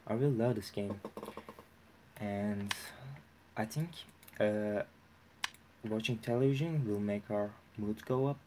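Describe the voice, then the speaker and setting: A young man giving casual, profane commentary while playing a game, excitable and talking to himself. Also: fairly low pitch, takes it slowly, long pauses, a little hiss or hum, poor audio. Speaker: let's play gamer.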